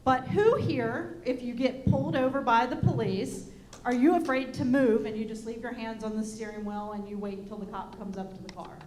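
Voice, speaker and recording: A woman's voice: on the high side, moderate pace, darkish tone. A woman telling a personal story in a chatty way and putting questions to the audience. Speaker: panel speaker. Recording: echoey room with faint hum.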